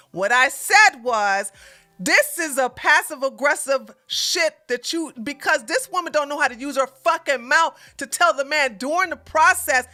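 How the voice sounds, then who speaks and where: A woman with a high, sharp, bright voice rants at her chat in blunt, cursing commentary. She mocks and repeats her points with a forceful edge, and faint music plays behind her. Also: expressive, measured pace. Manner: blunt, cursing, mocking, laughs loudly. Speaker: livestream host reacting to a clip. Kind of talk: heated profane commentary.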